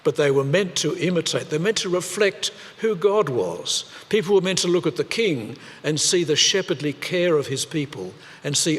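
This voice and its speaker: A man preaching a sermon in a church, speaking deliberately with pauses and repeated phrases. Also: fairly high pitch, animated, long reverb tail. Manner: slow, deliberate delivery with pauses and repetition.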